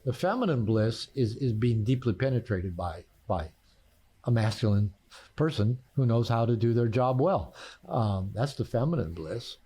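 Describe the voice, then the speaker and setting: Animated older man telling stories. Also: medium pitch, moderate pace, slightly rough. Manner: animated storyteller, laughs at his own punchlines; frequent restarts and repeated words. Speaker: therapist and author, guest. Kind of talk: conversational podcast storytelling.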